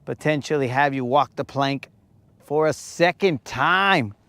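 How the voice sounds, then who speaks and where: A man's voice: medium pitch, measured pace, fairly bright tone, smooth, no echo. A man hosting a live fishing stream from a lake at night, chatting casually and joking with his viewers. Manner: joking, rambling, teasing viewers.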